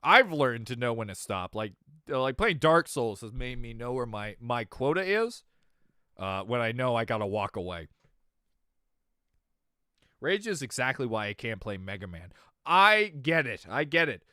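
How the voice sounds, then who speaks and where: A young adult man chatting casually on his stream, telling stories animatedly, swinging from mumbles to loud exclamations, laughing and swearing freely. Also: mid-range voice, big pitch swings, normal speed, clean tone, no room sound, studio quality. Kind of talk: casual chat.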